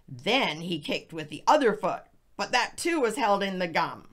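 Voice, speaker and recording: Woman storyteller, low voice, slow, expressive, hushed passages. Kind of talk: slow storybook narration for English learners.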